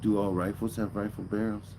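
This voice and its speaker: A man's voice: lowish voice, flat delivery, fairly quick, vocal fry, noisy background. A man streaming live, rambling and joking in casual chat and swearing freely.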